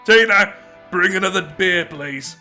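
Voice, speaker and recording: A man's voice: high voice, unhurried, pushed and bright, soft background music, pitched above the performer's own voice, full character voice. A man doing a boisterous drunk tavern regular.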